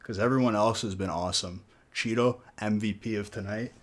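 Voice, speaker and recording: A man's voice: on the low side, fairly even intonation, a little fast. A man hosting a live stream while opening card packs. He chats casually and jokes with viewers, greeting them by name. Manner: laid-back, joking, talks to chat by name.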